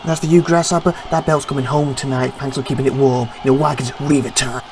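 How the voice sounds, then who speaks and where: A man's voice: mid-range voice, steady tone, fast talker, noisy background, natural voice. Brief: a man playing a brash, boastful male wrestler; taunting promo. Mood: cocky. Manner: cocky, taunting.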